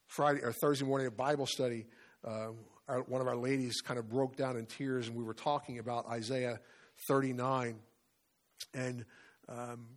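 A middle-aged man preaching a sermon in an earnest way, often asking his listeners questions. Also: medium pitch. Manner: earnest, asks many questions. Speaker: pastor or Bible study leader.

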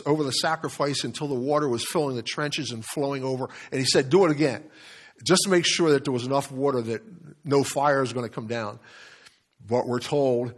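A man preaching a sermon in an animated storytelling manner. He repeats words and chuckles as he speaks. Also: mid-range voice. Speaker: pastor.

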